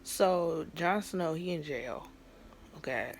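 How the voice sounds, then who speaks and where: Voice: medium pitch, slow pace, gravelly, slight background noise. A vlogger giving a casual, exasperated take on a TV finale, acting out the characters and laughing often. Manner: animated, exasperated, acts out scenes; frequent laughter. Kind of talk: casual TV reaction chat.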